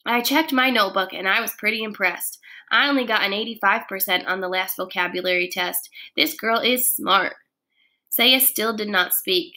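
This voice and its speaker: A woman, a first grade teacher, reading a children's chapter book aloud in an expressive, lively way. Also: medium pitch, normal speed.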